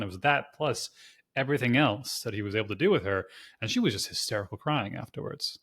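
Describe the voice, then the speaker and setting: A man hosting a podcast, chatting casually and animatedly, swearing loosely and peppering his talk with "like". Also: lowish voice. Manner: rapid, animated, swears casually, lots of filler "like". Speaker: podcast host. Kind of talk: casual conversational podcast chat.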